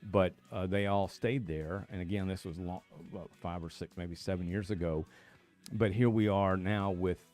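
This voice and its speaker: A man's voice: sits low, steady tone, normal speed, darkish tone, soft background music. A middle-aged man, hosting a casual newspaper live stream, talking loosely with many fillers and restarts.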